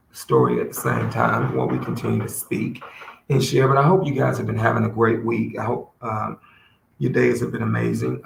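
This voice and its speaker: A man hosting a podcast, speaking earnestly and emotionally in a heartfelt solo talk, often halting and restarting his sentences. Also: fairly low pitch, gravelly. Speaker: podcast host. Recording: roomy echo with faint background noise.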